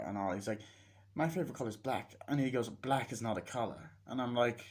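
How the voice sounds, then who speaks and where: Profane man rambling through a film recap. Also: mid-range voice. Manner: profane, acts out quotes in quick voices. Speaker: movie reviewer.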